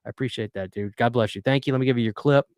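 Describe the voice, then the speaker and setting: A man's voice: mid-range voice, rapid-fire, clear, resonant tone, dry recording, clean studio sound. A man hosting a casual live stream, earnestly chatting and reading viewer messages aloud. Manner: earnest, talkative, reads chat aloud.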